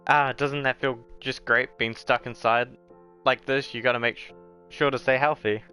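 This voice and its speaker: A man's voice: medium pitch, fairly even intonation, normal speed, bright, forceful tone, clean tone, faint music behind, lightly acted. A man voicing a creepy, sadistic male teddy bear headmaster in a video game read-aloud, drawn out and mocking. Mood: gloating.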